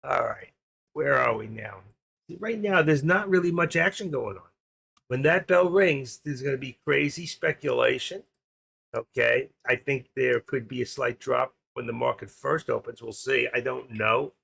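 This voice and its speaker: This is an older man whose voice is heavily gravelly and husky. He hosts a live trading stream in a rambling, joking way, often thinking aloud as he works. The pitch sits at an ordinary middle level. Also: normal speed, fairly bright tone. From New York. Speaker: stream host, trader. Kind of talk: casual live-stream chat.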